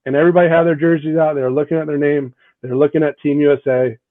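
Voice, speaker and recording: Speaking very fast in a flat, higher-than-average voice, a man interviewed as a guest hockey coach gives earnest, conversational answers and keeps adding "right? like". The audio is tinny like a phone call, dry, with no echo.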